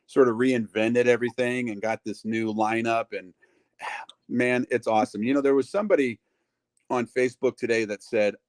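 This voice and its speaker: A man's voice: medium pitch, fairly even intonation, normal speed, no room sound. Chatty middle-aged man telling stories. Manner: chatty, acts out quoted voices, lots of fillers. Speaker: wrestling ring announcer, guest. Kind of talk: casual storytelling interview.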